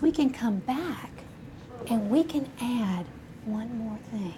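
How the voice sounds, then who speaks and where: A woman teaching a first grade class, slowly sounding out words and encouraging the children. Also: a little high, animated. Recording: noisy classroom recording.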